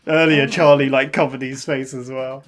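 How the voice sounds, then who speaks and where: A woman's voice: a bass voice, flat delivery, moderate pace. A woman co-hosting a reaction video, making brief amused remarks between frequent laughs. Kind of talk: casual reaction chat.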